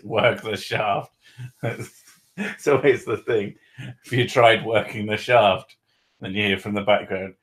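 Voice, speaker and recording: A man's voice: lowish voice, fairly bright tone. A man hosting a casual livestream, joking and laughing often, swearing freely, and reading questions from chat. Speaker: host.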